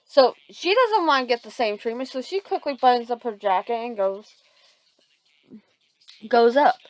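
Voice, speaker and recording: Halting woman telling a fan story. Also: on the high side, expressive, no echo, low-quality recording. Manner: halting, many restarts and fillers. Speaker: fan fiction narrator. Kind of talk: improvised story narration.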